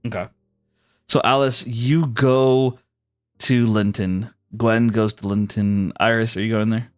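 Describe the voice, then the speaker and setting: A man's voice: fairly low pitch, fairly even intonation, unhurried, smooth, soft background music. A young man narrating as game master in loose casual speech full of fillers.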